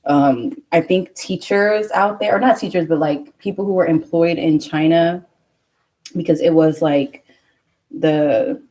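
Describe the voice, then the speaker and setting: A woman's voice: low voice, warm tone, low-quality recording. A young woman telling a rambling story in a casual vlog, with lots of fillers. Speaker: vlogger. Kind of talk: casual chat.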